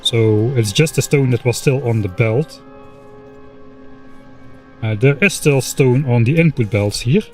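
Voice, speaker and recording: A man streaming a game and thinking aloud in a casual, relaxed way, often pausing with filler words. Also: medium pitch, soft background music. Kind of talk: casual gameplay commentary.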